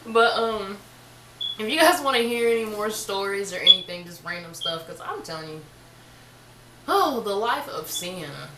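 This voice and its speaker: A young woman telling a casual storytime on her vlog, chatty and animated, full of slang. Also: medium pitch, normal speed, roomy sound, noisy background. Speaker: vlogger.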